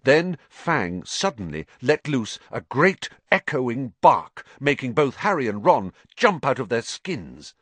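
A man reading a story aloud as an audiobook narrator in an expressive, dramatic way. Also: medium pitch, slow pace, few pauses, dry recording.

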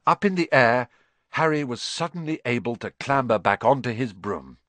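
A man narrating an audiobook with expressive storytelling. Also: medium pitch, normal speed, no room sound. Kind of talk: scripted narration.

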